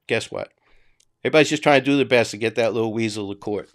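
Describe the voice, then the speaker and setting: A man's voice: mid-range voice, fast. A man with a Boston accent, hosting a casual livestream and ranting bluntly, with profanity, to his viewers. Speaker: livestream host. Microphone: home desk mic, voice only.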